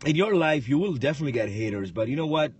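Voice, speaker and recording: A man co-hosting a casual podcast, relaxed and quick to laugh, prompting his co-host to tell his story. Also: on the high side, husky, no echo.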